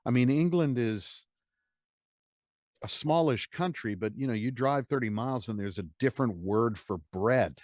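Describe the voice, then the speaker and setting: A man's voice: mid-range voice, moderate pace, no echo, clean studio sound. An American man, a guest and audiobook narrator, talking casually and with animation in an interview. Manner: animated, chatty storyteller who laughs easily.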